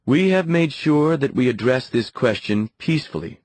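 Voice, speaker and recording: A man reading the lines of a tired, tense male president who gives a measured, evasive answer. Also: mid-range voice, lively intonation, a little mellow, no echo, pitched above the performer's own voice, close to an everyday voice. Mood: guarded.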